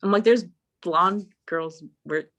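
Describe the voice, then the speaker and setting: A young woman with a lowish voice speaks slowly on an online voice call, animatedly telling a story in casual chat. She swears often and acts out the lines she said at the time, appearing as a guest.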